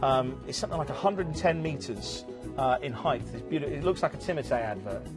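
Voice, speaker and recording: A man's voice: medium pitch, animated, fast talker. A man from Southwest England with a Southwest English accent, presenting cruises in chatty, jokey live TV sales patter. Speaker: TV shopping channel cruise presenter. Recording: music bed under the voice.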